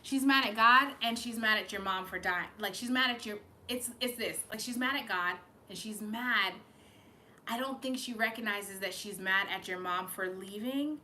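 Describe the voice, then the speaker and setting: A woman's voice: mid-range voice, normal speed, sharp tone. A woman giving a live-streamed channeled reading, emotional and fighting back tears, rambling and swearing as she goes. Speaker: psychic reader hosting a live stream.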